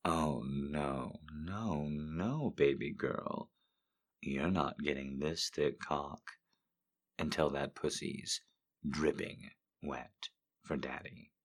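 Sultry dominant lover, voiced by a man: very deep, slow, hushed. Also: exaggerated voice. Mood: hushed, teasing. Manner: slow, hushed, teasing delivery. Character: low-voiced seductive dominant male lover. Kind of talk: reading listener quotes in a sultry voice.

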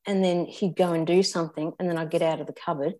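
An older Australian woman telling a personal story as an interview guest, candid and reflective, halting often and restarting. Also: lowish voice, fairly even intonation, dark tone.

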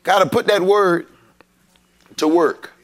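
Pastor, man, high and bright, slow call-and-response sermon delivery. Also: steady tone. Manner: preachy, call-and-response, rising to shouts. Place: church sanctuary.

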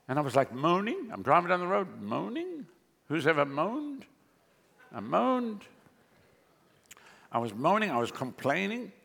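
A fairly high, sharp male voice with a gravelly rasp carries a sermon through a large church hall. The long reverb hangs after each phrase, and the pitch leaps about as he drives his points home. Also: measured pace, long pauses. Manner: animated, sweeping pitch jumps with a chuckling aside. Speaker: pastor. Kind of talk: preaching a sermon.

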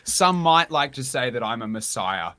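A man, a podcast guest telling self-mocking, animated stories. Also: medium pitch, normal speed. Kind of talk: casual chat.

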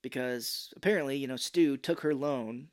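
Animated man retelling a movie. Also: medium pitch, normal speed. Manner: animated, acts out quotes, swears freely. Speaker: podcast co-host. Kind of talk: casual chat, retelling a movie.

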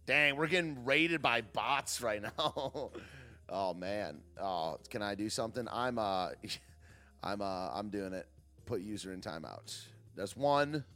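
A man's voice: lowish voice, animated, slow pace, pushed and bright, faint music behind. A man hosting a livestream, chatting casually, reading chat aloud and joking sarcastically. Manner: sarcastic, laughs often, reads chat aloud. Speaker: livestream host.

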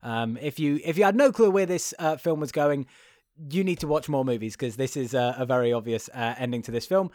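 A man's voice: medium pitch, brisk, darkish tone, dry recording, clean studio sound. Rambling man reviewing a film. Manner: rambling, laughing, filler-heavy. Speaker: podcast co-host. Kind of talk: casual film review chat.

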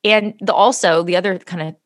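A woman in casual chat, telling a story in an animated way and acting out the people in it. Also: lowish voice, fairly quick, no room sound, clean studio sound. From Canada. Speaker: podcast co-host.

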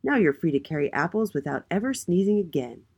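A woman voicing a proud, kindly male king in a children's storybook, speaking loudly and grandly. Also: lowish voice, big pitch swings, a little fast, breathy edge, exaggerated voice. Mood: regal, jolly. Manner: loud, proud and warm. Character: regal booming male king, kind and jolly.

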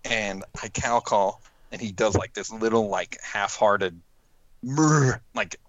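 A man's voice: on the low side, unhurried, no room sound, lo-fi sound. A man casually telling a hunting story, acting out quotes and laughing as he goes. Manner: animated, acts out quotes with laughs.

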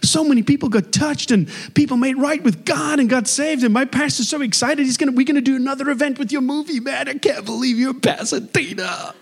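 A man voicing an excitable, cheerful young male bank teller with an American accent, eager and gushing. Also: very high voice, fairly quick, gravelly, hardly any pauses, slightly rough, pitched above the performer's own voice, full character voice.

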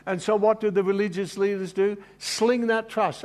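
A man's voice: sits high, steady tone, normal speed, a little mellow. A man preaching a sermon in an earnest, emotional way, rambling and restarting as he goes. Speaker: pastor.

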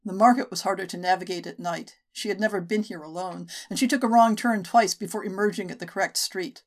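A woman narrating a short story for a podcast in a measured, steady way. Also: medium pitch. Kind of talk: audiobook narration.

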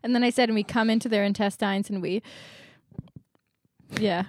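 A woman's voice: medium pitch, fairly even intonation, normal speed, no room sound. A young woman co-hosting a casual podcast chat, laughing often between her lines. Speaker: podcast co-host.

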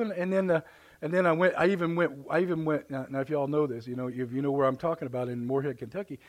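Brief: middle-aged man, folksy live sermon, halting restarts, higher voice. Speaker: preacher. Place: church sanctuary.

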